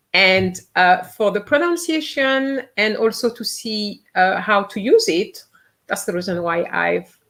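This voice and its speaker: Woman teacher, unhurried, repeats phrases carefully for learners. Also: mid-range voice, fairly bright tone. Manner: patient, repeats each phrase slowly to model pronunciation. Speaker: French teacher. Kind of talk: live online language lesson.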